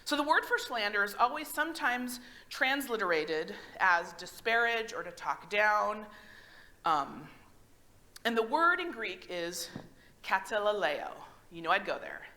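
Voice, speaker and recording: A woman pastor in her thirties giving a sermon in a church, chatty and animated, often asking the congregation questions. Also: medium pitch, unhurried. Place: church sanctuary.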